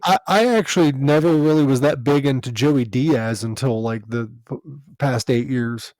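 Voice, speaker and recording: A man's voice: medium pitch, normal speed, darkish tone, dry recording. A man who hosts a podcast and does comedy, chatting casually, swearing freely and laughing often. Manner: profane, laughs often, tells stories animatedly. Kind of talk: casual chat.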